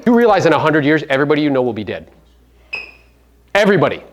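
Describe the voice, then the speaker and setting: A man's voice: on the high side, very animated, quick pace, highs cut off, slight background noise. A man giving a live motivational seminar talk to real estate agents, brash and profane, firing rhetorical questions at the audience.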